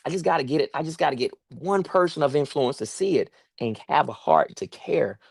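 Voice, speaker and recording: A man's voice: on the high side, lively intonation, fairly quick, vocal fry, husky, no room sound. A man speaking as a guest on a livestream interview, earnest and pleading, repeating himself for emphasis over a video call. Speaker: guest, farmer and sanctuary owner.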